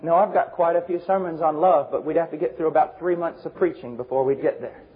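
A man preaching a fervent sermon, swinging between shouted emphasis and low, intense passages. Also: fairly even intonation, quick pace, husky. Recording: dull lo-fi recording.

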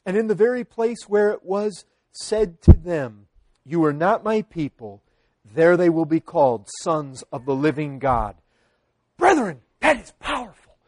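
A man delivers a sermon in a measured, unhurried way, leaning into quoted prayers with earnest feeling. His voice sits high for a man. The sound is close and dry, with no room echo. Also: sing-song, a little mellow. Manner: earnest preaching with dramatic pauses and quoted pleas. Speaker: pastor.

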